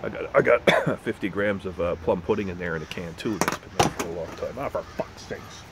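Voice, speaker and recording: A man's voice: low voice, a little fast, heavy background noise. A man casually rambling in a vlog about pipe tobacco, often restarting his sentences and swearing. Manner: rambling, profane, self-correcting.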